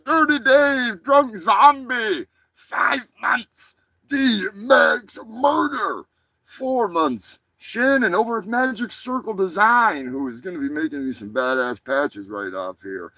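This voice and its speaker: A man hosting a crude comedic live show, brash and profane, rambling through shout-outs to his viewers. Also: sits high, dry recording, rough recording. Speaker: host.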